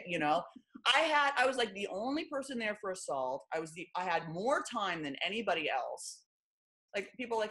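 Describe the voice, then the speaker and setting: A woman's voice: fairly low pitch, sing-song, a little fast, fairly bright tone. A middle-aged woman guest speaking bluntly and with self-mocking humor, acting out other people's lines in candid interview chat. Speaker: author and guest.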